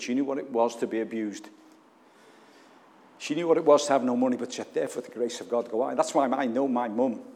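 A man's voice: mid-range voice, a little mellow. A man preaching a sermon, earnest and emotional, putting questions to the congregation. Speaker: pastor. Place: church. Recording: long reverb of a church hall.

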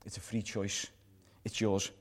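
A pastor giving a live sermon in a church service, earnest and repetitive, letting his phrases fall soft at the ends. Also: lowish voice, completely flat delivery, unhurried.

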